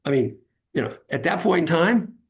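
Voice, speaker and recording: Gravelly middle-aged male guest, anecdotal storyteller, loose and filler-heavy. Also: fairly high pitch, lively intonation, moderate pace. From California. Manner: anecdotal, acts out quoted voices, frequent fillers. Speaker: guest author. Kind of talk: storytelling interview.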